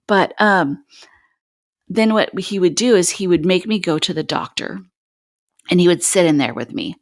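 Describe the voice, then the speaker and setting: A woman's voice: on the low side, sing-song, moderate pace, dry recording, clean studio sound. A woman, a podcast host in the guest seat, candidly telling her own painful story in an earnest, raw way, with many "like"s and "um"s.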